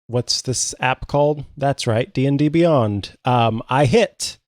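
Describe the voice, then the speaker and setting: Slow, deadpan man, dry sound. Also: mid-range voice, no echo. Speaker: player. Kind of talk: tabletop game play.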